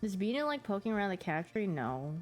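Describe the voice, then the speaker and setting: A woman's voice: medium pitch, very animated, brisk, faint music behind. A young woman streamer chatting casually about her pets, giggly and playful, putting on little voices for them.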